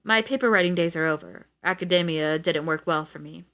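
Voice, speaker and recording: A woman's voice: lowish voice, fairly quick, a bit bright. A woman reading aloud as a defensive, sarcastic male schoolteacher with a sardonic, flustered way of talking.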